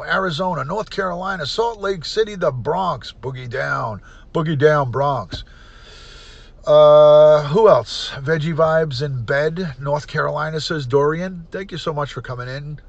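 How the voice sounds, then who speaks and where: Middle-aged New man hosting a livestream. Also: medium pitch. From United States. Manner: reads out viewer comments and greets them by place; blunt and opinionated. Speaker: livestream host. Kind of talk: casual livestream chat.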